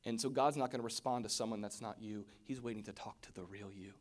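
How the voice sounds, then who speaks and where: A man preaching a sermon, swinging from hushed whispers to loud exclamations. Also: on the low side, fast.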